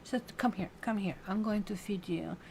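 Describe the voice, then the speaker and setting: A woman voicing a nurturing woman of light in a retold tarot tale, speaking slowly and softly. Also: on the low side, slight background noise. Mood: soothing. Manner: slow, soothing, soft.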